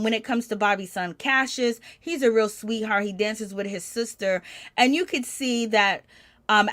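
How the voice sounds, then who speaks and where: A woman giving animated gossip commentary, reacting with exclamations as she recaps a show. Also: mid-range voice. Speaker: commentary channel host.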